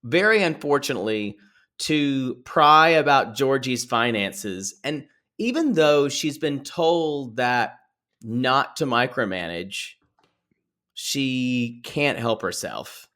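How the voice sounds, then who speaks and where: A man, co-hosting a podcast and recapping a reality show in quick, playful, teasing chat. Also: mid-range voice, animated, pushed and bright. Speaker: podcast co-host.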